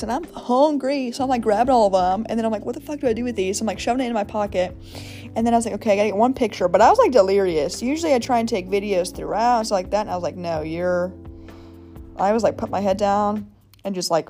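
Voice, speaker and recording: A young woman talks very quickly in a slightly high voice, rambling through her story with plenty of fillers and acting out her own quotes. It is a casual solo podcast with faint music underneath. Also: mellow. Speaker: podcast host.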